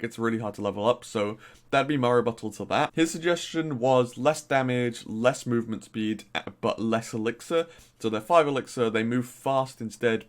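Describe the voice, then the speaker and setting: A young man from Norfolk with a mild Norfolk accent, chatting casually and rambling as he reviews gaming community posts. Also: medium pitch. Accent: mild Norfolk English. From Norfolk, England. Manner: chatty, rambling, exclaiming, many fillers. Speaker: gaming YouTuber.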